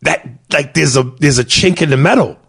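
A man, a stand-up comic co-hosting a podcast, talking in casual, animated chat, swearing freely and mimicking people as he tells stories. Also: a little high, moderate pace, creaky, husky.

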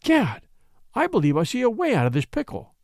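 A man's voice: very high-pitched, huge pitch swings, brisk, creaky, no room sound, studio quality, pitched above the performer's own voice, exaggerated voice. A man doing a bold young lawyer, firm and eager. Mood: determined, eager.

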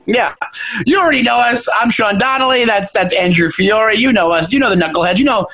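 A man's voice: high-pitched, a little fast, sharp tone. A young man co-hosting a podcast in rambling casual chat, often restarting and laughing. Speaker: podcast co-host.

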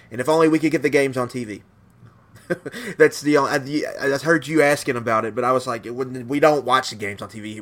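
Male podcast co-host, mid-range voice, loose rambling sports chat. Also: mid-range voice. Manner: rambling, relaxed, laughs easily.

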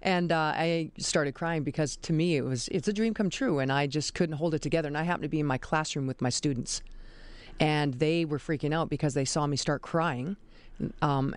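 A woman in her forties tells lively stories as a guest in a radio studio. She is animated and laughs easily. Her voice is clear and smooth, and the dry studio mic puts her close. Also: deep voice, normal speed, dry recording. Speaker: guest, basketball referee and teacher. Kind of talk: radio interview. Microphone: studio microphone.

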